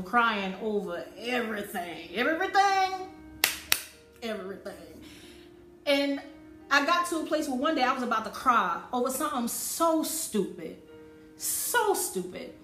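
A woman's voice: on the high side, a bit bright. A woman preaching a sermon, driving points home by repeating phrases with rising force. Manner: emphatic, repeating phrases for effect. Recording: roomy echo with faint music.

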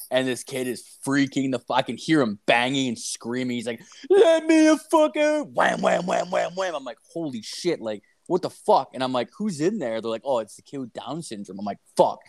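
A man's voice: mid-range voice, a little fast, no echo. A man co-hosting a podcast, telling crude rambling anecdotes in casual chat, swearing a lot. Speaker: podcast co-host.

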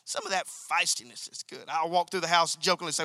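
A man's voice: fairly high pitch, quick pace, bright, forceful tone, no echo. A male pastor preaching a sermon, emphatic and repetitive, calling out to members of his congregation. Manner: emphatic, repeats key phrases, calls out to congregation.

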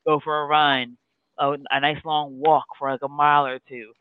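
A man's voice: fairly high pitch, little pitch movement, moderate pace, clean tone, dry recording. A man co-hosting a podcast in casual chat, rambling with lots of fillers. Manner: rambling, filler-heavy, breaks into sung lines. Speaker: podcast co-host. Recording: tinny phone-like sound.

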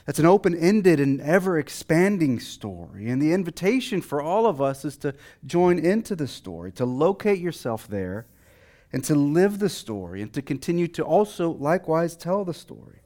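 Chatty man preaching, a bit high-voiced. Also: sing-song, normal speed, dark tone. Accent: Texan. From Texas. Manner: conversational, many fillers and restarts. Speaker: pastor. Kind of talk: sermon.

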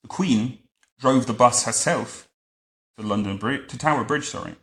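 A man's voice: medium pitch, moderate pace, fairly bright tone, reverberant. A man reading a children's storybook aloud, adding dry, wry asides. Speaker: reader to a child.

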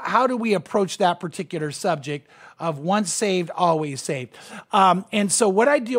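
A man with a high-pitched voice preaches to his congregation. He talks earnestly and with emphasis, and he often stumbles and restarts mid-sentence with fillers. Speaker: pastor. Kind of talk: sermon.

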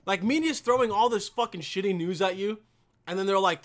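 A young man ranting profanely to camera as a vlogger, with loud bursts and mocking quoted voices. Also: high voice, brisk. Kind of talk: profane comedic rant.

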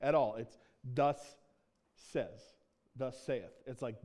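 A man's voice: medium pitch, slow pace, darkish tone. A man preaching a sermon as pastor, teaching in a conversational way, often asking "right?" and acting out quoted lines.

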